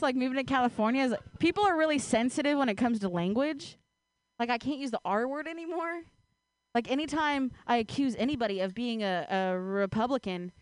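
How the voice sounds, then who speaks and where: Casting note: high-pitched woman comic, chatty and self-mocking, dry close sound. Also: dry recording. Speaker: stand-up comedian. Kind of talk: stand-up set. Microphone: handheld stage mic.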